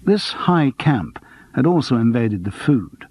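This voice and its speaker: A man reading an audiobook in a measured, dryly wry narration. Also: mid-range voice, big pitch swings, darkish tone, slightly rough. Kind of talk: scripted narration.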